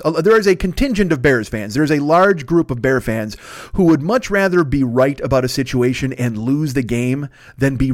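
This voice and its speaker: A man in his fifties, a podcast host rambling through a profane, animated casual monologue. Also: mid-range voice, no echo, clean studio sound. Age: 50s.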